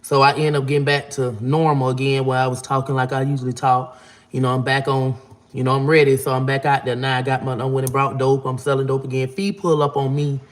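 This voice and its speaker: A man's voice: medium pitch, flat delivery, a little fast. Rambling man telling a story. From Florida. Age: 40s. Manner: profane, rambling, acts out quotes in a raised voice. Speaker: vlogger. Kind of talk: casual storytelling.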